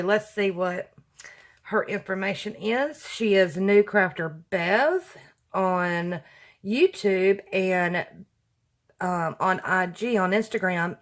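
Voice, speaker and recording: A woman, a crafting vlogger opening happy mail and gushing softly over each item. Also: mid-range voice. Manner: gushing, slow and soft-spoken. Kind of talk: casual unboxing chat.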